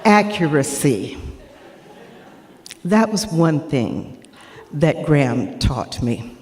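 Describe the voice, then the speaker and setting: A woman's voice: sits low, big pitch swings, very slow, darkish tone, long reverb tail, slight background noise. A woman giving an earnest, heartfelt personal tribute at a memorial, speaking as a former actor and student. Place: performing arts center stage.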